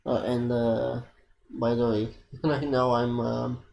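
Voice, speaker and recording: A man's voice: medium pitch, level tone, slow pace, gravelly, darkish tone. A man casually commenting while playing a game, hesitant and full of filler words. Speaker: gamer. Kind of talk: casual let's-play commentary. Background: faint game music.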